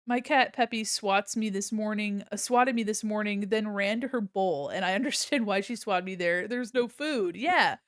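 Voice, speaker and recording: A young woman illustrator chats casually while drawing on her stream, playful, laughing a lot and swearing freely. Her mid-range voice moves at normal speed with hardly any pauses, captured in studio-quality audio without echo.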